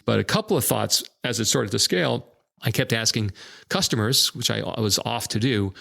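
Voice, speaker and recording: A man being interviewed who tells animated anecdotes full of quoted dialogue. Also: fairly low pitch, normal speed, vocal fry. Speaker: guest, publishing executive. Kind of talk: storytelling interview.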